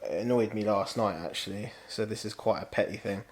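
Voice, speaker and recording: A man's voice: on the low side, steady tone, brisk. A young man, co-hosting a podcast in casual chat, ranting and swearing freely. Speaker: podcast co-host.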